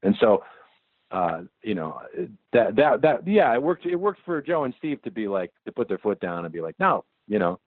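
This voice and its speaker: A man's voice: lowish voice, very animated, normal speed, no room sound. A man being interviewed who rambles casually and swears freely. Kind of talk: oral-history interview recollection. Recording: dry, tinny phone line.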